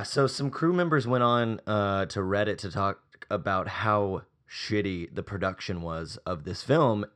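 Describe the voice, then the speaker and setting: Low-voiced rambling male co-host. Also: fairly bright tone. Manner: rambling with many fillers. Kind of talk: casual movie podcast chat.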